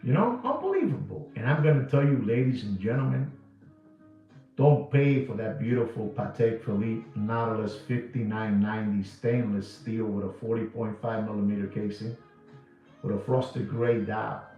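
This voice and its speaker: A man's voice: lowish voice, lively intonation, moderate pace. A man from New York giving a watch market rant to camera in emphatic, repetitive, slangy sales patter. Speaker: watch dealer. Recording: echoey, distant, dull sound with music.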